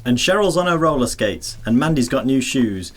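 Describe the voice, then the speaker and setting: A man's voice: medium pitch, lively intonation, moderate pace, natural voice. A man in an amateur radio play, listing what people on the street are doing in a matter-of-fact way.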